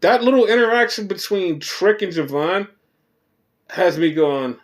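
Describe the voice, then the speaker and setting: A man hosting a podcast, recapping wrestling shows in a rambling, profane and animated way. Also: sits high, unhurried. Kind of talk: casual chat.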